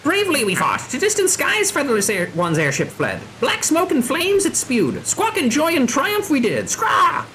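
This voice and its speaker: A proud bird-man warrior that squawks and shouts, with speech twisted into backwards order, as a woman puts him on. The voice is bright and swoops wildly from high to low. It is read aloud over a game stream. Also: huge pitch swings, normal speed, hardly any pauses, a little hiss or hum, exaggerated voice. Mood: indignant.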